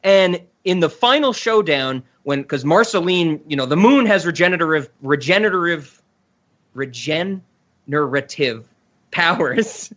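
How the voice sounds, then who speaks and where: A man's voice: fairly high pitch, a bit bright. Rambling male podcast host, dull audio. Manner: rambling, enthusiastic retelling. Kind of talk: casual podcast chat. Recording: dull lo-fi sound.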